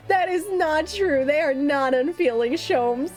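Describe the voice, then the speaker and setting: Woman streamer, high voice, chatty and giggly, soft lofi music underneath. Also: unhurried, few pauses. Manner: chatty, giggly, rambling with fillers. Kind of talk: casual live-stream chat. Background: faint lofi music.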